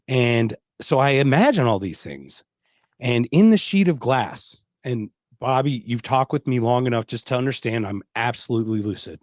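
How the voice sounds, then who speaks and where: A man's voice: medium pitch, moderate pace, dry recording. A middle-aged man hosting a podcast, telling a personal story in casual conversation and acting out the lines of people he quotes. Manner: animated, emphatic storyteller who acts out quoted dialogue. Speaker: podcast host.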